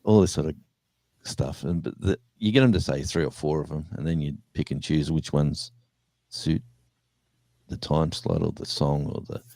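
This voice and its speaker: Live-stream host, man, deep and dry close-mic sound, loose chatty anecdotes. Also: steady tone, moderate pace, mellow, no echo. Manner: rambling storyteller, acts out voices in anecdotes, chuckles. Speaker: former radio presenter, show host. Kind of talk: casual live-stream chat.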